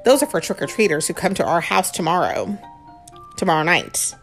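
A woman voicing a sensible mother bear in a storybook, speaking gently and explaining things patiently. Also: fairly low pitch, sing-song, a little fast, faint music behind.

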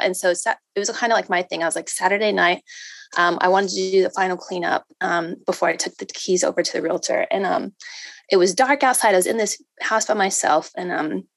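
A woman in her thirties giving a personal faith testimony to a group, emotional and halting, with many fillers and restarts. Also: on the low side, vocal fry, dry recording. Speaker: speaker sharing a testimony.

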